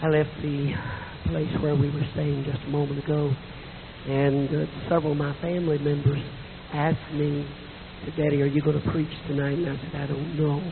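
A middle-aged man preaching a sermon in a church with a hoarse, weak voice, telling folksy stories with self-deprecating asides. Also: a little high, flat delivery, moderate pace. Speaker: visiting preacher. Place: church sanctuary. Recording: tinny echoey church recording with hiss.

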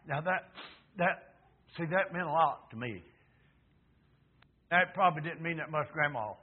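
A man in his seventies preaching a sermon, emphatic, dropping to low murmurs and rising to loud fervent peaks. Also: animated, a little slow, long pauses, a little hiss or hum. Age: 70s. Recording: tinny phone-like recording.

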